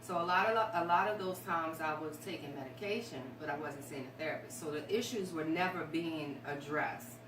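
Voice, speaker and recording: A woman's voice: sits low, normal speed, few pauses. Woman telling her story, echoey and distant. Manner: heartfelt, rambling, emotional. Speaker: guest sharing her story. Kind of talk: candid talk show conversation. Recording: echoey room, distant mic, noisy.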